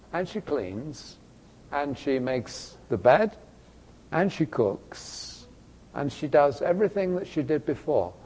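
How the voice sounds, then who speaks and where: Animated, fairly high-voiced male lecturer. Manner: animated and conversational, with many fillers and asides to students. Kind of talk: classroom teaching with an extended illustration. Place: classroom.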